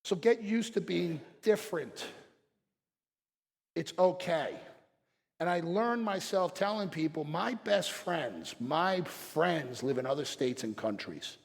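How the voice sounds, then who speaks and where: On a stage in a hall with long reverb, a man gives a blunt, motivational talk to fellow practitioners. His fairly high, animated voice has vocal fry and moves slowly as he tells stories and acts out what people said.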